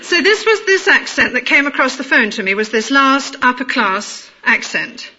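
A woman with a middle-class London accent, telling a personal story in a measured, amused way, in a dull lo-fi recording. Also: high voice, very animated, bright, forceful tone, slight background noise. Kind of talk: personal anecdote told aloud.

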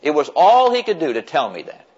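An older American man telling a personal story to an audience, animated and chuckling, acting out what others said. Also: fairly high pitch, a little fast, slightly rough, lo-fi sound. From United States. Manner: animated, chuckling storyteller who acts out quoted voices.

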